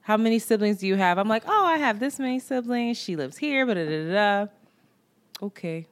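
A woman co-hosting a podcast, telling a dating story in casual, animated chat, swearing and acting out what people said. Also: a little high, brisk. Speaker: podcast co-host. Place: New York.

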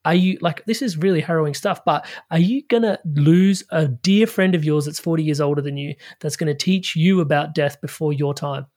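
A fairly high-voiced man speaks as a life coach guest in a podcast conversation. He is casual and slangy, full of "like" and "you know," and tells his stories with energetic, spiritual self-help phrasing. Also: normal speed, few pauses. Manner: casual, slangy, frequent fillers.

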